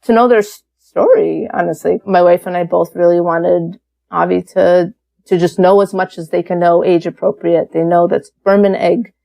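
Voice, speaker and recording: A woman's voice: lowish voice, normal speed, vocal fry. A woman guest on an interview podcast, telling her story in a casual, candid way with lots of fillers. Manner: chatty, many fillers, animated and candid.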